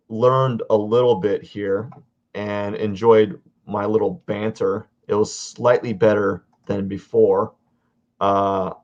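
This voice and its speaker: A man casually talking through a drawing livestream, rambling and halting as he searches for words. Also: fairly low pitch, dull audio. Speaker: artist streaming a drawing session.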